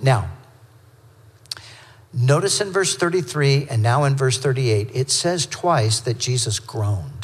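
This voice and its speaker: A male pastor teaches through scripture in a relaxed, conversational sermon, breaking into quick asides and correcting himself as he goes. His voice has a mid pitch and carries the long reverb of a large hall. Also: slightly rough.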